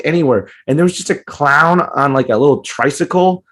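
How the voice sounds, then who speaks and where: A man's voice: brisk, few pauses, a bit bright. A man co-hosting a comedy podcast, ranting casually with lots of swearing and mocking put-on voices. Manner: profane, ranting, jumps into high mocking voices. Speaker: podcast co-host.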